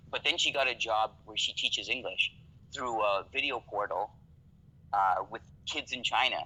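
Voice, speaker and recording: A man from Canada chatting as a podcast guest in a relaxed, casual way. His voice sits fairly low yet sounds very bright and forceful. He swears freely and keeps checking in with "you know what I mean". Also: unhurried, husky, poor audio. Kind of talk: casual conversation.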